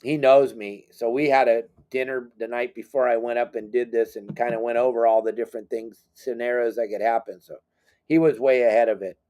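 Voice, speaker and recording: A middle-aged fishing guide and boat captain telling a story in a casual chat. He is animated and self-deprecating, and he acts out the people he quotes. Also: medium pitch, fairly quick.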